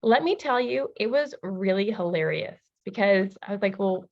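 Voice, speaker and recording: A woman relationship coach teaching a masterclass, telling personal stories in a lively, casual way. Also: medium pitch, normal speed, dull audio. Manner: lively storytelling, casual fillers.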